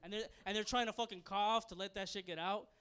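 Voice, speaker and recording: Young man, stand-up comic, high smooth voice, crude rambling delivery, laughs at own jokes. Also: fairly even intonation, fast, pushed and bright. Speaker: stand-up comedian. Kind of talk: stand-up comedy set. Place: comedy club stage.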